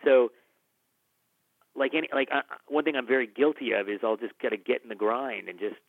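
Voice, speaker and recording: A man, a film director who is a guest on the show, telling stories in conversation, animated and acting out the people he quotes, with many restarts. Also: medium pitch, brisk, vocal fry, dry recording. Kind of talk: conversational storytelling. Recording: dry, phone-like narrow band.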